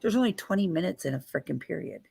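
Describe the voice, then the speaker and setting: A woman's voice: on the low side, fast, vocal fry, slightly rough, no room sound. A woman hosting a casual livestream, telling a story and acting out what people said. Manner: animated, acts out quoted people. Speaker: livestream host.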